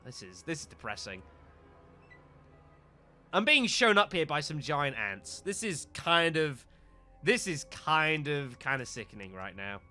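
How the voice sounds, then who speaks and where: A man's voice: on the high side, very animated, a little slow, pauses often, pushed and bright, faint music behind. A man streaming a game live, talking to viewers as folks and getting exasperated at missed shots. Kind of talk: live gameplay commentary.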